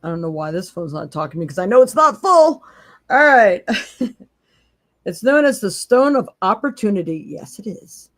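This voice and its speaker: A woman's voice: medium pitch, sing-song, moderate pace, no room sound. Chatty woman psychic, dry close sound. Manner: chatty, laughing, blunt encouragement. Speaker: psychic tarot reader, podcast host. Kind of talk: casual live stream talk.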